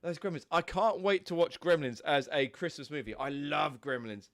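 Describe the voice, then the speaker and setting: A man's voice: a little high, expressive, fairly quick, hardly any pauses, a bit bright. A young man with a stuffy, snotty nose from a cold, chatting casually and rambling on a live stream, swearing now and then.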